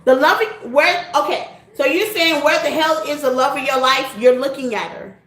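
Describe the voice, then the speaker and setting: High-voiced woman chatting to viewers. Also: normal speed, fairly bright tone, roomy sound. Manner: laughs often, repeats phrases, folksy and direct. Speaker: tarot reader and channel host. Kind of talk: casual live-stream chat to viewers.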